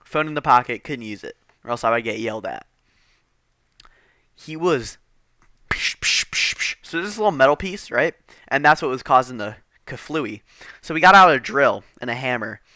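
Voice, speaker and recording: A man's voice: mid-range voice, expressive, fairly quick, sharp tone, dry recording, clean studio sound. A man telling a rambling, profane storytime, exasperated and casual.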